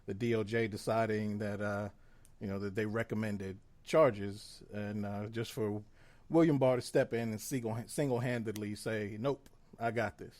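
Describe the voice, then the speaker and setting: Low-voiced earnest podcast co-host. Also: male voice, fairly even intonation, a little mellow. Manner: measured, earnest, filler-heavy. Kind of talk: casual podcast discussion.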